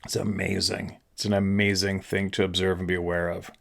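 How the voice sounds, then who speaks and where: Low flat-voiced man ranting, frustrated. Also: a little fast, vocal fry. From Canada. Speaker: channel host. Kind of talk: ranting monologue.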